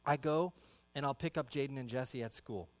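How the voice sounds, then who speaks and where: A male pastor preaching a sermon, shifting into animated storytelling and acting out everyday exchanges with his kids. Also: mid-range voice, normal speed. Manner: animated storytelling, acts out his kids' voices.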